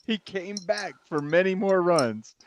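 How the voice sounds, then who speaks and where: A man's voice: high voice, expressive, measured pace, crowd noise. A man, co-hosting a podcast, telling stories in a rambling way and laughing often. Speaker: podcast co-host. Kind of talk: casual storytelling chat.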